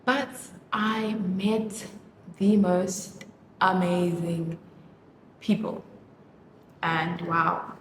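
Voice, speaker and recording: A woman's voice: fairly low pitch, level tone, very slow, long pauses. A woman vlogging casually while doing her makeup, gushing and emotional, with lots of fillers. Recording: roomy echo with clear background noise.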